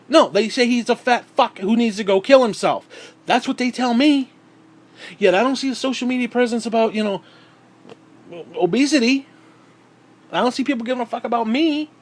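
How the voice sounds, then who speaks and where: Man with a high voice, sarcastic heated vlog rant, swears nonstop. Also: normal speed, pauses often. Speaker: vlogger. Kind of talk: profane ranting monologue.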